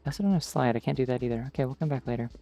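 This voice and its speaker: A man's voice: mid-range voice, racing, creaky, warm tone. A man streaming a game, chatting casually in a rambling way full of filler words. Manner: rambling, digressive, many "like" fillers. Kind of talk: casual chat while gaming. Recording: faint background game music.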